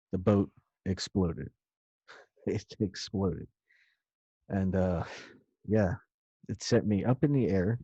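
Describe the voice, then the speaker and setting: A man's voice: on the low side, dark tone, husky, no room sound. A man casually recounting a story of his own in a loose, rambling way, with some swearing. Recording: dull lo-fi dry recording.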